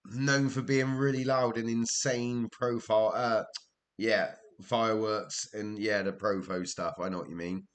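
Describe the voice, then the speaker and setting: A man's voice: fairly low pitch, fairly even intonation, measured pace. A man chatting casually with his live-stream viewers while playing a game, joking and laughing often.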